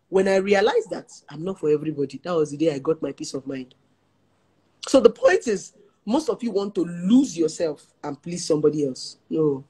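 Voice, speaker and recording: Laughing Nigerian woman therapist, husky voice. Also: on the low side. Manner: animated, laughs often, mixes in pidgin. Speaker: relationship therapist. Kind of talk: casual storytelling talk.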